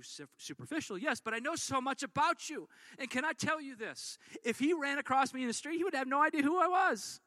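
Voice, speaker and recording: A man preaching a sermon as pastor, telling stories in an animated way and acting out what people said. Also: extremely high pitch, fairly quick, dry recording. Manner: animated storytelling with acted-out quotes.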